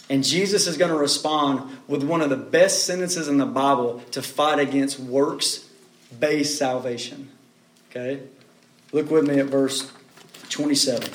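High-pitched man preaching emphatically. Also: unhurried. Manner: emphatic, rhetorical questions, repeats key words. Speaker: pastor. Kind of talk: sermon. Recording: roomy echo.

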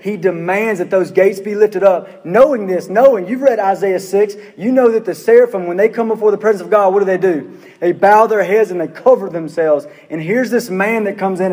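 High-voiced man preaching in a reverberant hall. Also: a little mellow. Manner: earnest preaching, rhetorical questions, repeats phrases. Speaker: pastor. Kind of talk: sermon.

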